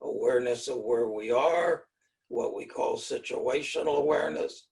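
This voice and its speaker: Older male speaker, gravelly voice, measured explanatory delivery, mic set a little far off. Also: mid-range voice. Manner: measured, often clears throat. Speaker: speaker on fear and self-mastery. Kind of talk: explanatory talk.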